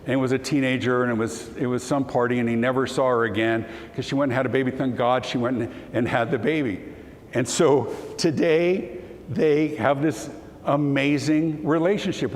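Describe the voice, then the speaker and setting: A man giving a storytelling keynote talk to an audience, animated and at times choked with emotion as he acts out the dialogue. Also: medium pitch. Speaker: keynote speaker. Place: conference hall. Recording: hall reverb, faint room noise.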